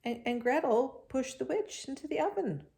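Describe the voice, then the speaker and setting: A woman's voice: high voice, animated, normal speed, vocal fry, warm tone, voice pushed up. A woman voicing a small mischievous little girl who sounds innocent and protesting.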